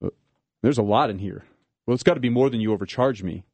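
A man voicing an angry, suspicious townsman in a dramatic reading, in a sharp, hostile way. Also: lowish voice, fast, husky, dry recording.

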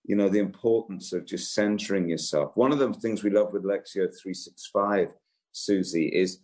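A man being interviewed as an author guest. He talks gently and thoughtfully, with hesitant restarts. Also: deep voice, moderate pace. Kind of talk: interview answer.

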